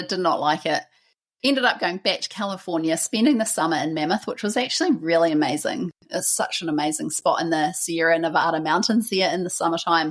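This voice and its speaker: Husky-voiced woman telling her story. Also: sits low. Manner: casual, reflective, uses "like" and "actually" often. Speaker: podcast host. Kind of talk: personal storytelling podcast.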